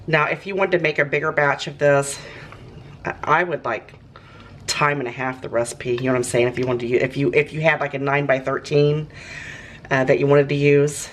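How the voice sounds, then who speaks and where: A woman's voice: low voice, flat delivery, fairly quick, a little hiss or hum, poor audio. A woman hosting a home cooking show, chatting casually and gushing over her food in her kitchen, sometimes talking with her mouth full.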